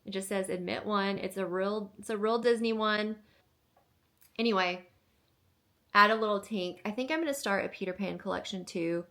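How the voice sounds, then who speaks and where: A bubbly young woman gushes through a casual haul video at home. Her talk is full of fillers, and her mid-pitched voice carries a gravelly fry. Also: moderate pace, long pauses, fairly bright tone. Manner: bubbly and gushing, many fillers. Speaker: vlogger.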